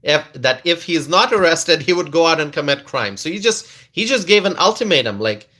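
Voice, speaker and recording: A man's voice: on the high side, expressive, pushed and bright. A man hosting a casual political livestream, laughing often and repeating lines for effect, with frequent restarts. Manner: slow drawn-out delivery with many restarts. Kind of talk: casual commentary to live viewers.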